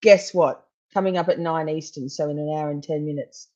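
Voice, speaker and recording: A woman's voice: deep voice, fairly even intonation, a little fast, darkish tone, muffled recording. A woman rambling and laughing as she chats casually on a live stream, swearing freely. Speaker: true crime streamer. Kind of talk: casual live-stream chat over court footage.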